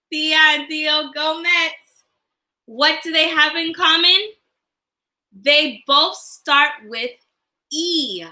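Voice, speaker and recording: A woman's voice: sits high, pushed and bright, reverberant, low-quality recording. A woman teacher leading a livestreamed class for young children, cheerful and sing-song, asking call-and-response questions. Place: home, online class livestream. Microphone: computer or phone mic on a livestream.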